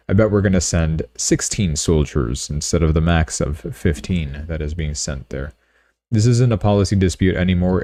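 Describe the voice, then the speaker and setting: A man's voice: low voice, darkish tone, dry recording. A man hosting a live news stream, reading headlines aloud and adding sarcastic, offhand remarks. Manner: sarcastic, offhand, reads headlines then riffs. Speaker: crypto news livestream host. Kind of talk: casual live-stream commentary.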